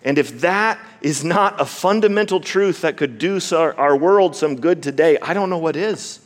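A man preaching a sermon with emphasis, slowing down to stress key words and repeating himself as he builds a point. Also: a little high, animated. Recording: long reverb of a large hall.

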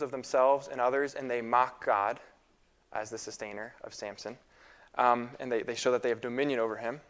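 Preaching in a casual, halting manner, a man in his twenties leans on fillers and repeated phrases throughout his sermon. He speaks at a medium pitch.

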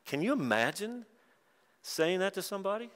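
A man's voice: sits high, big pitch swings, moderate pace, fairly bright tone. Preacher man in a reverberant hall. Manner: conversational, wry asides. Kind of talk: conference sermon.

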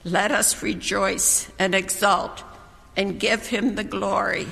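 A scripture reader giving a measured, proclaiming reading in a church. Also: medium pitch, little pitch movement, vocal fry, sharp tone. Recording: church hall reverb.

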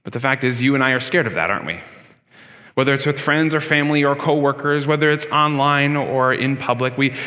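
A man preaching a sermon as pastor in a church, with a conversational manner that swings between loud emphasis and quiet moments. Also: mid-range voice, brisk, in a large hall. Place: church sanctuary.

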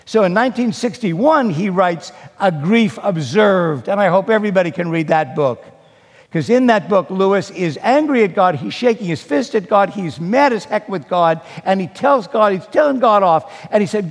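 An older man preaching a sermon, telling stories dramatically and swinging between loud and hushed delivery. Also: high-pitched, lively intonation, normal speed. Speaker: pastor. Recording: long hall reverb.

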